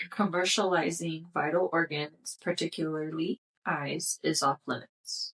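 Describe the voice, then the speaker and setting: A lower-pitched woman chats casually on a podcast, reading out strange facts and tossing in wry jokes. She sits a little back from the microphone, so her voice sounds slightly distant. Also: fairly even intonation, unhurried, fairly bright tone. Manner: reads facts aloud with joking asides. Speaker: podcast co-host. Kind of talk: casual chat reading out weird laws.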